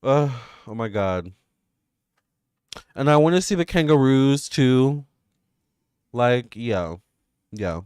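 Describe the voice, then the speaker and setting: A man, hosting live tarot readings and chatting excitedly with viewers. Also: mid-range voice, clean tone, no echo, clean studio sound. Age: 30s. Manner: excitable and gushing, quick swings between squeals and murmurs. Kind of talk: casual livestream chat with viewers.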